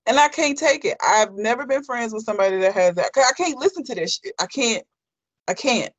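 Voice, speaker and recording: A person from Alabama chatting casually in a relaxed, measured way. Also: mid-range voice, no echo. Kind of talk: casual chat.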